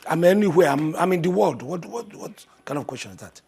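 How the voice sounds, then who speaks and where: A man's voice: on the high side, expressive, fairly quick, vocal fry, a little mellow, husky, heavily acted. An actor with a Nigerian accent playing an arrogant man who scornfully dodges responsibility. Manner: dismissive, boastful.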